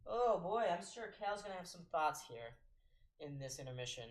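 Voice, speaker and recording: A man's voice: fairly high pitch, very animated, normal speed. A young man in his late teens hosting a live reaction stream, calling hockey play-by-play in an exasperated, ranting way and repeating himself. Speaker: livestream host.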